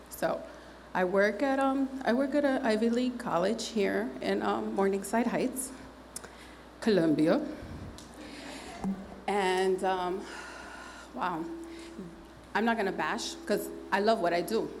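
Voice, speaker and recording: A woman's voice: mid-range voice, a little hiss or hum. A woman telling a candid, humorous personal testimony to a congregation, chatting loosely and acting out what people said. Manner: conversational, with frequent fillers. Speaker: church member giving testimony.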